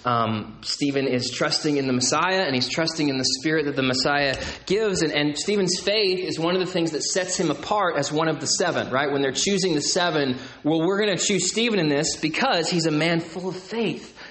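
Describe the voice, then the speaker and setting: Speaking at a moderate pace with hardly any pauses, a man whose voice is a little high and a bit bright delivers a chatty Bible lesson to a live crowd. The room sounds roomy with slight background noise, and he tosses in jokes while frequently checking on his audience.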